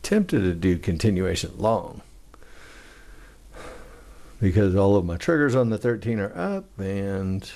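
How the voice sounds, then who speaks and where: A man's voice: deep voice, lively intonation, unhurried, pauses often, a little mellow. A man walking through a day-trading chart in a casual, conversational way, talking through each trade as he goes. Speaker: trading instructor. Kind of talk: screen-share trading walkthrough.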